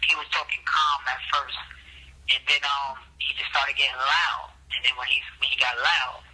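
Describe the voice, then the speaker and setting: Husky man recounting a fight, halting. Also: mid-range voice, little pitch movement, sharp tone, rough recording. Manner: halting, repeating words. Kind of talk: interview anecdote.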